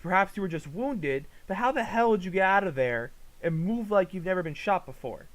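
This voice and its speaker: A man giving casual reaction commentary, ranting in an exasperated, profane way that swings between low mutters and loud outbursts. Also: expressive, a little fast, rough recording. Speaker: commentary vlogger.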